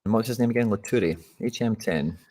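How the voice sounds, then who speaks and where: A man's voice: lowish voice, fast talker, darkish tone. A Scottish man hosting a live fantasy football stream, chatting casually and talking straight to his viewers. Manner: chatty, addresses viewers directly.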